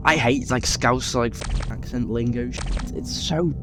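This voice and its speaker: A man's voice: medium pitch, measured pace, over music. A British man narrating an exasperated, sweary rant. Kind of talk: ranting commentary.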